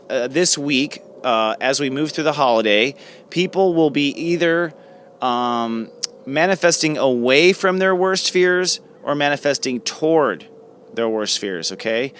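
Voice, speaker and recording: A man's voice: medium pitch, fairly bright tone, clear, resonant tone, no room sound. A man hosting an astrology show, delivering an earnest spiritual forecast monologue that rambles with frequent restarts and fillers. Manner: affectionate and earnest.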